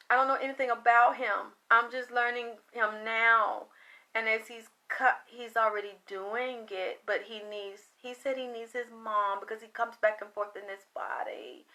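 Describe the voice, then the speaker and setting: A woman's voice: fairly high pitch, steady tone, measured pace, bright, forceful tone. A tired woman talking to her livestream viewers, emotional and rambling, often trailing off into sighs. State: tired from late night. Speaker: psychic reader.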